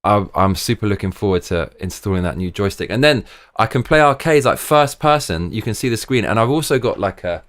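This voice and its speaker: Man, live-stream host, low voice, rambling, excitable, mumbles off. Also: brisk. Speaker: livestream host. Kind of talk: casual live-stream chat.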